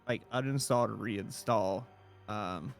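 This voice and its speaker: A man's voice: on the low side, slow pace, vocal fry, soft background music. A man running a tabletop game as game master, casual and hesitant, with many fillers, then reading scene narration.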